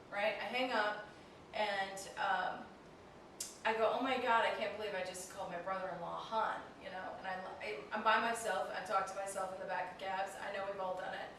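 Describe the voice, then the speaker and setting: A woman's voice: mid-range voice, slight background noise. Chatty comedian woman, echoey distant mic. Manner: animated, self-mocking, laughs often mid-story. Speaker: comedian guest. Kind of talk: casual storytelling interview. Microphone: handheld flip video camera.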